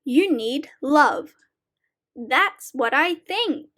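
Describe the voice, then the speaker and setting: Slow, high-voiced woman reading children's poems. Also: expressive, fairly bright tone. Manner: slow, deliberate, sing-song reading. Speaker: reading teacher.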